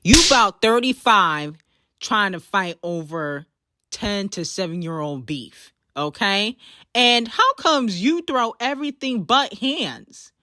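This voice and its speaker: A woman's voice: mid-range voice, expressive, slow, bright, forceful tone. A woman hosting a commentary show, ranting in a scornful, profane, sarcastic way. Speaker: commentary channel host. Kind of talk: mocking commentary rant.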